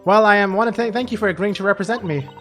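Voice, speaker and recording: A man's voice: sits high, rapid-fire, a bit bright, faint music behind, pitched above the performer's own voice. A man doing a shy, flustered young woman. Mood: polite. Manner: hesitant, shy.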